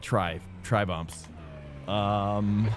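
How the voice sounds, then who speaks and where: A man streams a sim race over loud background music, chatting casually and rambling with lots of ums and uhs while laughing often. His voice is fairly low and steady, and he speaks very slowly.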